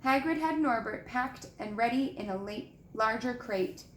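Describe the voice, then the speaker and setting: A woman reading a children's book aloud with gentle, expressive storytelling and showing the pictures. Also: on the high side, moderate pace, slight background noise. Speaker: reader. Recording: echoey room with faint ambience.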